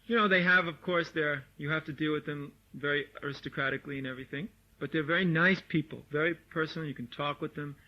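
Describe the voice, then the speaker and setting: A man giving a lively, informal lecture to devotees, mimicking people and laughing as he talks, recorded on an old tape. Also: a little high, fast talker, hardly any pauses. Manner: animated, mimics voices, laughs often. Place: meditation hall or farmhouse room. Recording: dull lo-fi 1979 tape recording.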